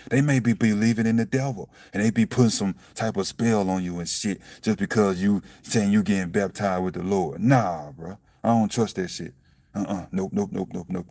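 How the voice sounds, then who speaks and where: A young man musing on faith in a casual, blunt, profane monologue, breaking into loud laughs and saying "you see what I'm saying" again and again. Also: on the low side, no room sound. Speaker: self-styled preacher vlogger. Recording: dry, from a distance to the mic.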